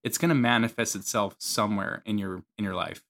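A man's voice: on the low side, steady tone, a little fast, a bit bright. A man who is a therapist, co-hosting a podcast and talking things through in a thoughtful, casual way. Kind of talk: casual conversational explaining.

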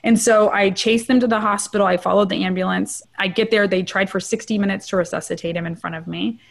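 With a steady, medium-pitched voice and vocal fry, a middle-aged trauma researcher candidly relates her personal experiences as a guest in an interview. She habitually asks a quick "right?"

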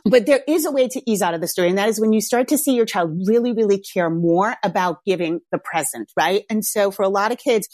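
Lively woman telling a family story. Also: medium pitch, fast talker, hardly any pauses, no room sound, clean studio sound. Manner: animated, laughing, acts out quoted voices. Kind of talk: casual storytelling to viewers.

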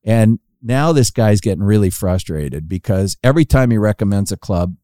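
Male storyteller, low and warm, animated when quoting, dry close podcast sound. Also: normal speed, dry recording. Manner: animated storytelling, acting out quoted lines with rising pitch. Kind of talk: casual anecdote telling.

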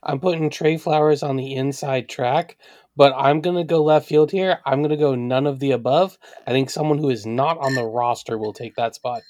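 A man's voice: mid-range voice, normal speed, darkish tone, dry recording. A man co-hosting a casual sports podcast, making dry wisecracks. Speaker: podcast co-host.

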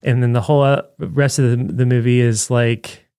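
A man's voice: mid-range voice, normal speed, smooth, no echo, clean studio sound. A man co-hosting a podcast, talking through a movie review in a loose, rambling way full of fillers. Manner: rambling, animated, frequent "like" fillers. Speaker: podcast co-host. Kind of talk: casual film review chat.

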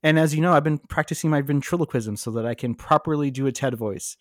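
A man co-hosting a podcast, chatting casually with a joking, sarcastic tone. His voice sits a little higher than most men's, and the sound is dry and close. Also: quick pace, no echo. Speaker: podcast co-host. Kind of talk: casual chat.

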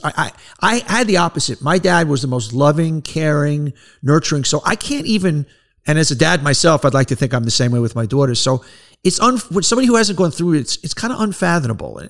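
A man hosting an interview, asking long halting questions in a friendly way. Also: mid-range voice, vocal fry. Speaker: interview host. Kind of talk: casual interview.

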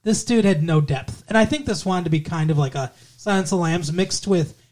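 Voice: mid-range voice, a little fast, darkish tone. A podcast co-host picking apart a horror movie in casual chat, swearing freely and rambling with lots of fillers and restarts.

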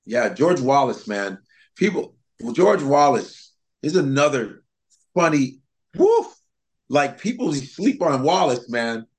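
Animated male comedian telling stories. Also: medium pitch, slow pace, breathy edge. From Chicago comedy scene. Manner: animated storyteller, slips into impressions, laughs often. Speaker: comedian guest. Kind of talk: casual interview chat.

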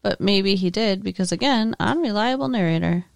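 A woman co-hosts a casual podcast and trades movie opinions in a chatty, wry, offhand manner. Her voice sits at an ordinary middle pitch. The sound is dry, with no room echo. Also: normal speed, vocal fry. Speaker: podcast co-host. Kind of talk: casual movie review chat.

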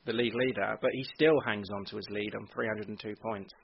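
A man hosting a casual football podcast, upbeat and quick to laugh as he runs through prediction scores. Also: fairly low pitch, steady tone, vocal fry, a little hiss or hum. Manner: upbeat, laughs often, reads out league scores. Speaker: podcast host. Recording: dull lo-fi audio.

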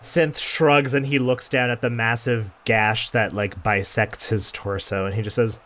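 A man's voice: mid-range voice, measured pace, few pauses. A man running a tabletop game as dungeon master, narrating with casual filler words and slipping into character voices. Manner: relaxed storyteller with filler words.

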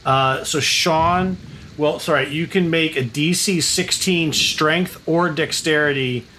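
A man runs a tabletop game, describing the action in a bright, fairly high voice. He halts and rephrases often, with a faint hiss behind. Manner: halting, stops to reset his sentences. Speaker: game master.

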